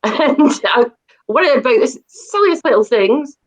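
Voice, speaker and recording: A woman's voice: sits high, animated, unhurried, poor audio. A middle-aged woman, a debut author chatting as an interview guest, talking in a rambling, self-deprecating way with many fillers and restarts. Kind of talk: casual interview chat.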